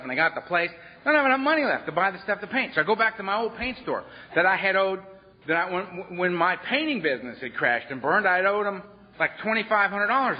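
Blunt male workshop speaker, animated salty storytelling, higher voice, dull lo-fi workshop tape. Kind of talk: storytelling talk. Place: workshop room.

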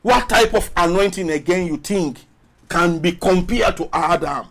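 A male pastor preaching a sermon emphatically, repeating phrases and drawing out his words between pauses. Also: sits high, fairly bright tone. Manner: emphatic preaching with long pauses and rising calls.

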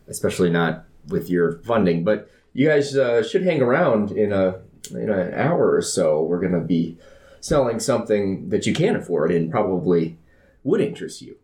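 A man's voice: low voice, lively intonation, normal speed, darkish tone, roomy sound. A man playing a tabletop game, describing his character's actions and speaking in character with a dry, wry delivery. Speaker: player. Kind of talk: tabletop game role-play.

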